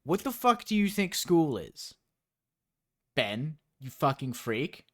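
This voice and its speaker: A man's voice: on the high side, big pitch swings, slow. A young man streaming as he reads a story aloud, breaking off into incredulous, profane, sarcastic asides.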